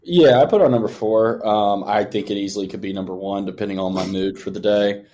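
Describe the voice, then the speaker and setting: A man's voice: on the low side, brisk, mellow, slight background noise. A young man co-hosting a music podcast in casual chat, rambling and acting out his own reactions. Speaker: podcast co-host.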